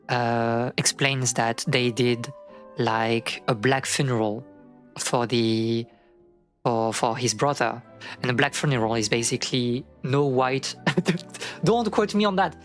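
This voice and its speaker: A streamer casually retelling a folk tale, rambling with many fillers and acting out the quotes. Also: mid-range voice.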